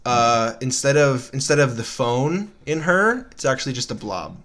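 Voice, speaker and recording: A man's voice: mid-range voice, animated, moderate pace, fairly bright tone. Young man, podcast co-host, giggly, crude jokes, faint hiss. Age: young adult. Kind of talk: casual chat.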